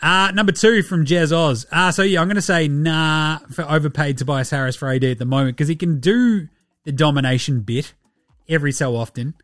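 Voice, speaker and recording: Aussie male pod host, slangy and sweary, slightly high voice, dry close mic. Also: no echo. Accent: Australian. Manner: laid-back, slangy, swears freely. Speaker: podcast host. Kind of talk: casual sports podcast chat.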